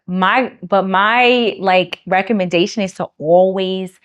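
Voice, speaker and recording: Fast-talking New woman coach. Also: medium pitch, clean tone, dull audio. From New York. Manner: lively, laughs often, acts out quoted lines; fast speech that she says jumbles words. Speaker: speech coach. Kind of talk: casual interview chat.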